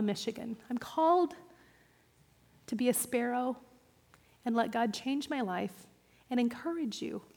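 Woman pastor preaching in a reverberant hall. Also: fairly high pitch. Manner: personal and animated, with self-deprecating humor. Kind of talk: sermon.

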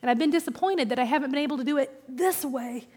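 A woman pastor preaching a sermon, personal and animated, with self-deprecating humor. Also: sits high, fast talker. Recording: reverberant hall.

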